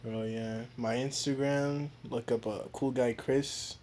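A young man who talks slowly and easily on a podcast, teasing his co-host. He chuckles a lot between lines. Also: medium pitch, steady tone, darkish tone, slight background noise. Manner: laid-back, teasing, chuckles often. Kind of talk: casual chat.

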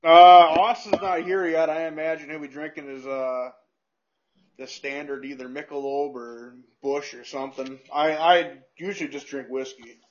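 A man hosting a casual chat, relaxed and easygoing, swearing casually as he asks questions. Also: a little high, normal speed, muffled recording. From United States. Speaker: podcast host.

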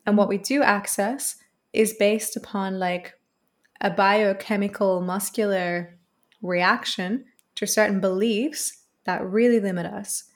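A woman's voice: mid-range voice, steady tone, slow. Earnest woman explaining voice work. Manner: earnest, flowing, repeats phrases for emphasis. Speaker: voice coach guest. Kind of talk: reflective interview answer.

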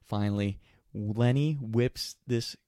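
A young man casually telling a rowdy anecdote, animated and laughing, with plenty of swearing. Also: on the low side, slow, no room sound, studio quality. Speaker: storyteller.

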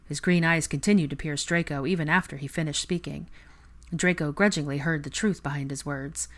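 A woman narrating a fan fiction audiobook in a steady storytelling delivery. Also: low-pitched, a little fast.

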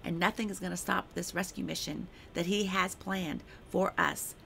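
A woman with a lowish, gravelly voice that still rings bright, delivering a prophetic message with fervent, repeated emphasis. Between readings she slips into chatty, informal remarks to her listeners, like a devotional podcast host. A faint hiss sits behind her. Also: fairly even intonation, normal speed. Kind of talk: reading a prophetic word, then devotional talk.

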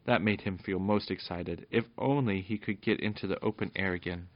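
A man reading a children's storybook aloud in a steady narration with small stumbles, on a dull lo-fi recording. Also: sits low, normal speed.

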